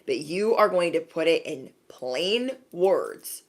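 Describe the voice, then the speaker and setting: A young adult woman giving a sassy, animated spiritual pep talk to her viewers, acting out little scenes as she goes. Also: sits low, slow. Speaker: intuitive reader.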